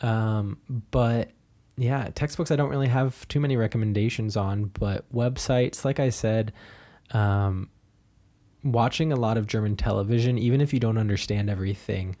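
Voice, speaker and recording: A man's voice: fairly low pitch, moderate pace, mellow. A man in his twenties from the United States, co-hosting a podcast in easygoing chat, often repeating words and restarting his sentences. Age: 20s. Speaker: podcast co-host. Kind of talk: casual chat.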